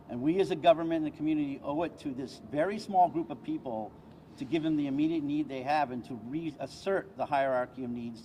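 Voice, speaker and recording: A man's voice: medium pitch, darkish tone, slight background noise. A man, a state senator, speaking with passion at an outdoor press conference. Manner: impassioned, emphatic public speaker.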